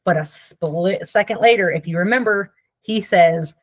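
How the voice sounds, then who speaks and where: This lowish female voice comes through at normal speed with no echo. She's a therapist explaining concepts in a relaxed, chatty teaching manner, asking "Okay?" often and hamming up the voices of anyone she quotes.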